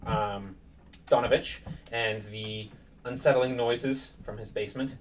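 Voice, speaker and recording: A man narrating a tabletop game as game master, pausing often with fillers as he describes the scene. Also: mid-range voice, fairly even intonation, far from the mic. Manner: hesitant, many fillers. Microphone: streaming setup.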